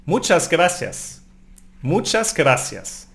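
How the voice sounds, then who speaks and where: A man teaching a language lesson, reading phrases slowly and repeating them, often adding a questioning "no?". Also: on the high side, sing-song, vocal fry, a bit bright. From Germany. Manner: slow, repeated pronunciation drills with tag questions.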